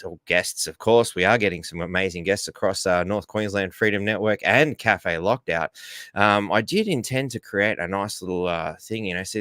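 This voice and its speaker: A man's voice: fairly low pitch, fairly bright tone, dry recording, studio quality. A man with an Australian accent hosting a casual livestream, rambling and greeting viewers in the chat. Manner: rambling, reads out viewer comments, says g'day and mate. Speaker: livestream host.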